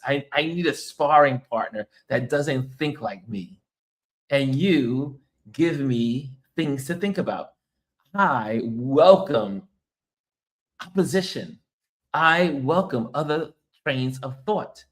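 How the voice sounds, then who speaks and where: Chatty, travel-weary American man host. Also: medium pitch. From United States. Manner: chatty, laughs often, reads viewer comments aloud. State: tired from travel and little sleep. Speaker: livestream host. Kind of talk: casual livestream chat.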